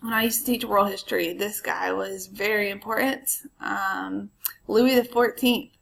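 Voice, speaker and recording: A woman's voice: mid-range voice, fairly even intonation, a little slow, creaky, a bit bright, low-quality recording. A woman history teacher giving a casual recorded lecture, chatty and full of ums, with asides to her students.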